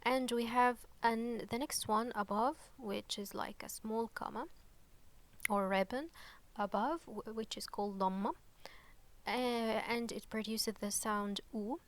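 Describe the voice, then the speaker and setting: A woman teaching an online lesson, patient and unhurried, checking in often with "okay?" and pausing on fillers. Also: on the high side, fairly even intonation. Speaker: Arabic teacher.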